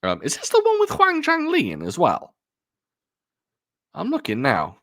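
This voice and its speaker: Slightly slow, bright and high-sitting, this adult man's voice swings hugely in pitch. A film collector vlogger, he shows off his purchased films in a casual chat at home, rambling and being self-deprecating.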